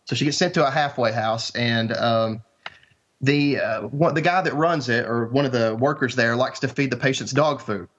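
A man with a middle-pitched voice tells a film's plot with dry, deadpan humour on a casual podcast. His audio sounds dull and lo-fi, as if the top end is cut off. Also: moderate pace. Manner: deadpan, dry storytelling with a mock trailer opening. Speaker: podcast guest.

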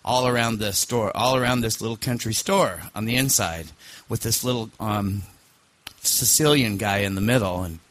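A man's voice: lowish voice, moderate pace, fairly bright tone, no room sound. A man hosting a podcast, telling a personal story casually, rambling with fillers and restarts. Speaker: podcast host.

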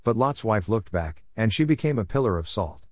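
A man giving a steady, measured scripture reading. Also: fairly low pitch, no room sound, studio quality. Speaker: scripture reader.

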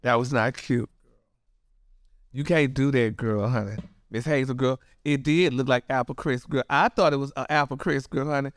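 A man's voice: mid-range voice, normal speed, dry recording, clean studio sound. A man hosting celebrity gossip in a sassy, dramatic way, calling everyone honey and girl. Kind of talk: casual gossip commentary.

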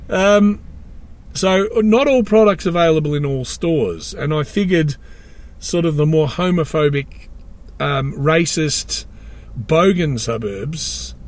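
An Australian man delivering a rambling comic monologue with wry, sardonic asides. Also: a little high.

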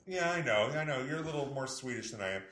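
A man's voice: mid-range voice, animated, fast, bright, forceful tone, reverberant, slight background noise. A man co-hosting a podcast, chatting casually in a playful, teasing way and laughing often. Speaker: podcast co-host. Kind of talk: casual chat.

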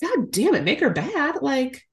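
A young woman co-hosting a casual podcast, recapping a movie in a sarcastic, animated way, with some swearing. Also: high voice, unhurried. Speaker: podcast co-host.

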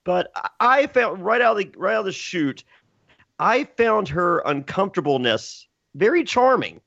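Male podcast co-host, casual profane banter, very animated delivery, dry sound. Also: high-pitched, moderate pace, creaky, no room sound, dull audio. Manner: joking, acts out quotes, laughs often.

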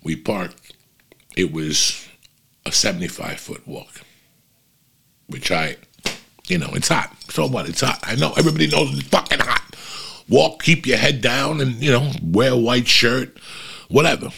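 A man's voice: mid-range voice, measured pace, creaky, long pauses, slightly rough. A middle-aged man hosting a podcast, telling long profane rambling stories to his listeners. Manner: profane, rambling, animated anecdotes. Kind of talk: casual rambling storytelling.

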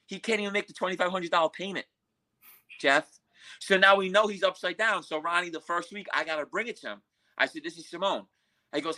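A man's voice: high voice, fast, bright, forceful tone, rough recording. A man telling a crime story as a podcast guest, in blunt, profane street talk. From Queens, New York. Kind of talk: storytelling interview.

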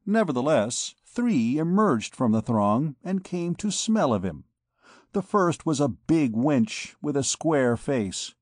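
A man narrating a classic novel in a measured audiobook reading. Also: medium pitch, sing-song, a little mellow, no room sound, studio quality. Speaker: audiobook reader. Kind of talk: scripted narration.

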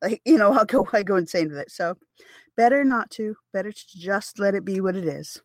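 Animated woman podcaster, very dry sound. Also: mid-range voice, brisk, dry recording. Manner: animated, self-deprecating, laughs often. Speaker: podcast host. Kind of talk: casual podcast chat.

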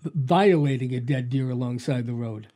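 A man's voice: mid-range voice, normal speed, mellow. A male radio co-host adding brief chatty asides and anecdotes in casual interview chat.

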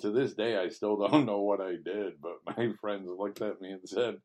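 Low-voiced teasing American man. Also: moderate pace, darkish tone. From United States. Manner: teasing, jokey storyteller. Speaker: radio show co-host. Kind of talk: casual chat.

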